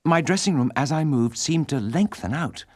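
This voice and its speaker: A man's voice: a little high, lively intonation, moderate pace, a little mellow, no echo, studio quality. A man reading an audiobook as a frightened, wondering young woman singer telling her story in first person. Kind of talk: audiobook narration.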